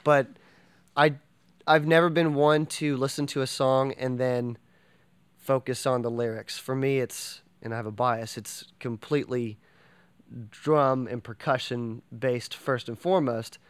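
A man's voice: mid-range voice, fairly even intonation, a little slow, clean tone, no room sound. A man who drums, a guest in a casual interview, talking with enthusiasm, rambling with many fillers and restarts. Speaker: drummer and podcast guest.

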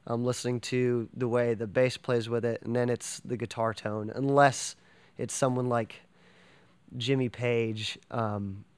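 An enthusiastic man talks in a casual interview and rambles, full of fillers and restarts. His voice is smooth and clear at a middle pitch. The sound is close and dry. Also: flat delivery, a little slow, no room sound. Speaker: drummer and podcast guest.

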